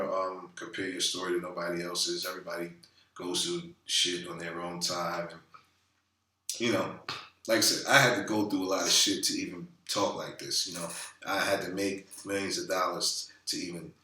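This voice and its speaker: A man with a low, forceful, bright-edged voice talks off the cuff, swearing freely and circling back with fillers. The sound is roomy and echoey, picked up from a bit away from the mic. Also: fairly even intonation, normal speed, far from the mic. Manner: loose, profane, rambling with many fillers. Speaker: vlogger. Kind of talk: casual talking-head monologue.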